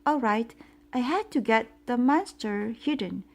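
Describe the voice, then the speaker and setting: A woman voicing an excited young girl who shouts a lot, reading a storybook aloud. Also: fairly high pitch, vocal fry, voice pushed up, exaggerated voice. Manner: excited, loud, quick to shout. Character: young girl hiding a pet monster.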